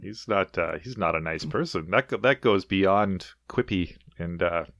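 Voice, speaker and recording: A man appearing as a podcast guest in casual chat. His voice sits low, and he is wry, laughing and quick to mimic characters. The sound is dry and close. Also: creaky, a bit bright, no room sound.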